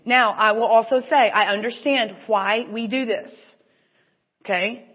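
A woman giving a sermon, telling a personal story with lively, acted-out inner thoughts. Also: a little high, a little slow, slightly rough. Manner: animated storytelling, acts out her own inner voice. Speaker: church speaker. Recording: dull lo-fi recording with long hall reverb.

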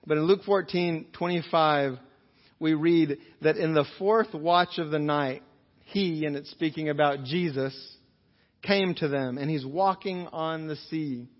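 A man preaching a sermon as pastor, earnestly, slowing down to stress key phrases. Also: on the high side. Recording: dull lo-fi sound in a reverberant hall.

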